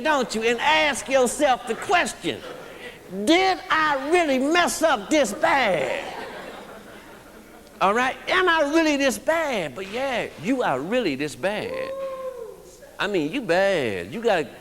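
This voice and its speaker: A man's voice: very high-pitched, big pitch swings, a little slow, fairly bright tone. A man speaking to a recovery group, blunt and emphatic, often checking in with the audience. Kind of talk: motivational recovery talk. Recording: long reverb of a hall.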